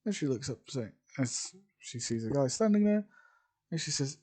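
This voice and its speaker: A man's voice: medium pitch, very animated, moderate pace, darkish tone. A man narrating an improvised fan story, rambling with frequent fillers and restarts. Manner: rambling, full of "sort of" and "well".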